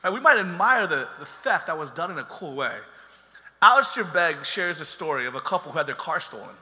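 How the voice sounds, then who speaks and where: A man's voice: a little high, sing-song, fairly quick, bright, forceful tone, big-room sound. A man preaching a sermon as pastor, talking in a conversational way and joking with the congregation.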